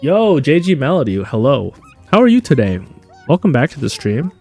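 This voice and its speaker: Animated chatty male game streamer. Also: mid-range voice, normal speed, soft background music. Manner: animated, chatty, answers viewers. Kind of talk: live gameplay stream commentary.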